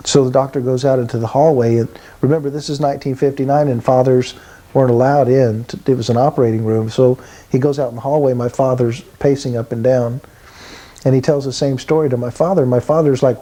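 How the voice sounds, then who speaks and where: A man's voice: medium pitch, fairly even intonation, fairly quick, mellow, rough recording. Earnest man in his sixties telling his story. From Texas. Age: 60s. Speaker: testimony speaker. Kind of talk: spoken personal testimony.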